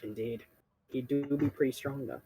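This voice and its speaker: A young man with a husky voice narrating as game master, dry and teasing. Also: medium pitch, fairly even intonation, normal speed, warm tone, slight background noise. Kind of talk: narrating a tabletop game over voice chat.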